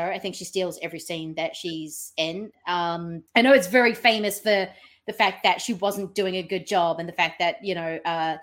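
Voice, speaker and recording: Rambling woman thinking aloud on a podcast. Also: on the low side. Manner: rambling, thinks aloud with many ums, acts out quotes. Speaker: podcast guest. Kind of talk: casual film review chat.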